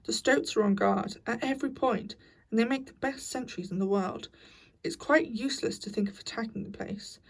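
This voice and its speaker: A woman's voice: a little high, moderate pace, gravelly, far from the mic. A woman doing a thin, dry, stern old badger. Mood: kindly. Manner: severe, then fatherly.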